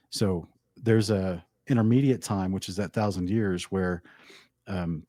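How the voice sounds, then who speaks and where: A man who is a podcast guest, explaining Bible passages in a measured, teacherly way. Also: on the low side, dark tone, no room sound, clean studio sound. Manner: measured, explanatory, quotes verses. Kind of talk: casual chat, explaining scripture.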